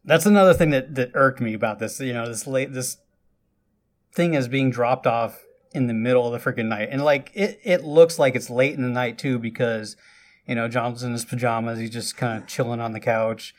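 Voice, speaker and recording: A man casually retelling a film's plot for a podcast, chatty and loose, with frequent asides and lively bursts. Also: mid-range voice, normal speed. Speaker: podcast host recapping a film. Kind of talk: casual film recap.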